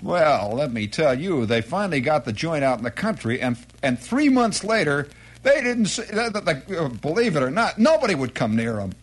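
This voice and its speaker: A middle-aged man spinning a long, rambling comic story, his voice sitting a little high for a man and swinging widely up and down as he jumps into quoted exclamations. Stand-up monologue delivery, loose and conversational. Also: big pitch swings, normal speed. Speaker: comedian.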